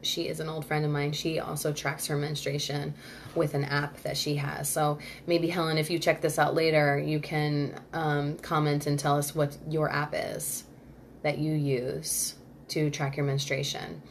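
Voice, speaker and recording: A woman's voice: low voice, flat delivery, measured pace, a little hiss or hum. A woman hosting a live-streamed workshop in a loose, chatty way, answering viewer comments as she goes. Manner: loose and rambling, full of "like" and restarts. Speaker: Ayurveda workshop host.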